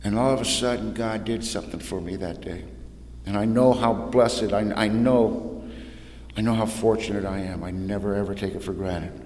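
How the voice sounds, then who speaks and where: A man's voice: fairly low pitch, fairly even intonation, normal speed, a little mellow. A man in his sixties telling his own recovery story to an audience in a plainspoken, humorous way, with casual slang. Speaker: recovery meeting speaker. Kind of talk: personal story told to an audience. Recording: roomy hall reverb, faint noise.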